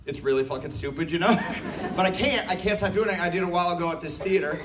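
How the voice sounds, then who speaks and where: A man performing a loud, animated, profane stand-up set and bursting into screams. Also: high voice, fast. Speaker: stand-up comedian. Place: large university hall with a live audience. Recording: distant mic, loud crowd noise.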